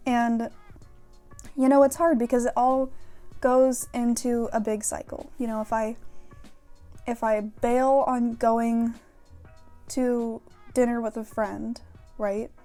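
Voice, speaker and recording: A woman's voice: fairly high pitch, level tone, takes it slowly, long pauses, dark tone, soft background music. A young woman vlogging frankly and casually, with plenty of fillers and casual swearing. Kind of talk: candid talk to camera about mental health.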